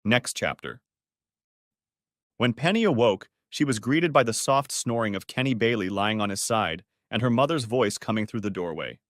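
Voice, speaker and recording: A man's voice: fairly low pitch, animated, moderate pace, no room sound, studio quality. A man narrating a scripted story, reading steadily and voicing every character himself.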